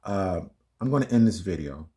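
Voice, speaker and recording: Emphatic lower-voiced male commentator. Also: expressive, normal speed, mellow. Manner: emphatic, argumentative, fumbling with playback. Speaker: commentary channel host. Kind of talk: casual reaction commentary.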